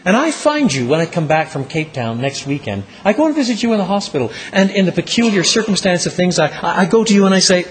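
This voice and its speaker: A very animated man preaches a sermon full of dramatic storytelling, slowing down and dropping his voice low on the key words.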